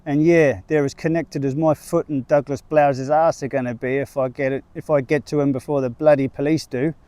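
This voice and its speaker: A man's voice: fairly high pitch, steady tone, fairly quick, mellow, no room sound, close to an everyday voice. A man voicing a jovial middle-aged male sheep farmer with a New Zealand accent and a cheeky, blustering salesman manner. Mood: hearty.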